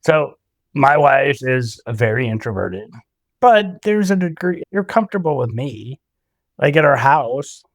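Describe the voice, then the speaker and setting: A man's voice: mid-range voice, very animated, a little slow, no echo, clean studio sound. A man from Michigan co-hosting a podcast, easygoing in casual chat and laughing along. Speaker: podcast co-host.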